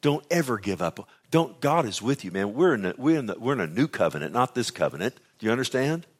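A man preaching a sermon, reading scripture aloud and explaining it in a conversational way, moving between loud urgent pleading and low hushed passages. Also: big pitch swings, quick pace, slightly rough. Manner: reads scripture aloud and then paraphrases it.

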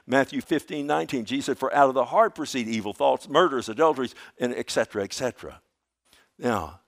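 Pastor, male, mid-pitched; dynamic sermon delivery, bursts of volume, then quiet asides. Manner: dynamic preaching, swinging from loud emphasis to hushed asides.

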